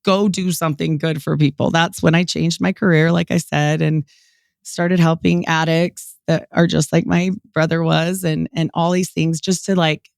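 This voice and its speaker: A woman in her forties from Utah, a podcast guest telling her story in a lively way, acting out what people said and laughing often. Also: deep voice, moderate pace, gravelly, dry recording, clean studio sound. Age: 40s. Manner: animated, quotes people in lively voices, many "like" fillers. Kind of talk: storytelling interview.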